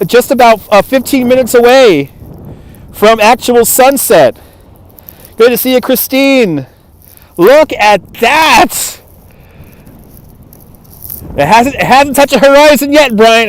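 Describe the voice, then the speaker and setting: A man hosting a live walking stream outdoors, chatty and laughing as he thanks viewers by name, filmed on a phone on a gimbal. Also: very high-pitched. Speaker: livestream host. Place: outdoors on a cold waterfront.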